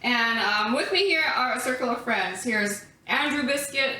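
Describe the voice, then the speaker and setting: A woman's voice: fairly high pitch, moderate pace, sharp tone. A woman hosting a podcast in casual late-night chat, rambling with lots of fillers and swearing. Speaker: podcast host. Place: hotel room at a festival. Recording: echoey room, distant mic, faint noise.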